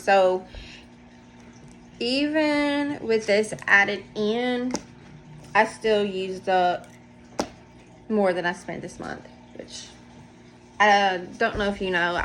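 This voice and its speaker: A woman's voice: mid-range voice, slow pace, long pauses, a bit bright, a little hiss or hum. A woman hosting a casual knitting video podcast from home, chatting in a rambling, self-deprecating way as she shows her projects. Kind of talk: casual show-and-tell chat. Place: home, indoors.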